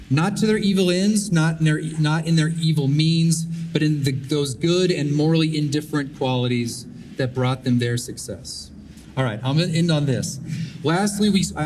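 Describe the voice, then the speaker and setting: A man's voice: on the high side, a little mellow. A man giving a prepared public speech, earnest and exhorting, repeating key phrases. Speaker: conference speaker. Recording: distant mic with faint background noise.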